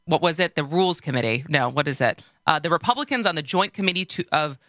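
A woman's voice: deep voice, expressive, fast talker, fairly bright tone, dry recording, clean studio sound. A woman hosting a radio talk show, sarcastic and loose, rambling as she searches for words.

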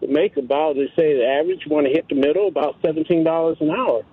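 An earnest male radio caller who hesitates and fills his pauses with fillers. His voice is fairly high and husky. It sounds tinny and dry over the phone line. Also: no echo. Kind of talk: call-in radio talk.

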